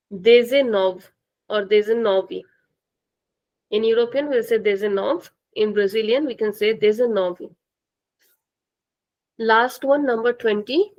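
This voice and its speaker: A woman's voice: on the high side, darkish tone, poor audio. A woman, teaching a language lesson and carefully repeating words for her students. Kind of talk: classroom-style language lesson.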